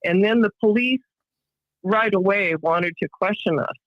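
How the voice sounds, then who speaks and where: A woman's voice: medium pitch, a little slow, dry recording. Middle-aged woman, podcast guest, emotional storyteller who acts out what others said; dry, dull lo-fi audio. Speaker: interview guest. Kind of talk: emotional personal account.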